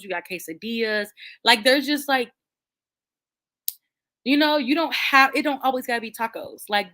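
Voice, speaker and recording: A woman hosting a book channel, chatting casually with her viewers and answering their comments in an animated, playful way, with slang and frequent laughter. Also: fairly high pitch.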